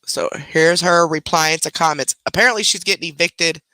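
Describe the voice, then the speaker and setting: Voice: mid-range voice, steady tone, normal speed, sharp tone, no room sound. A host commenting casually on played videos, talking to viewers in slang and laughing openly. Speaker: reaction commentator.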